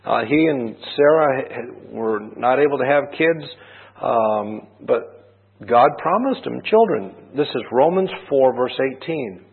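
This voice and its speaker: A man's voice: medium pitch, lively intonation, measured pace, vocal fry, husky. A man preaching a sermon, telling a personal story in a conversational way and asking rhetorical questions. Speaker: pastor. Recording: tinny phone-like band.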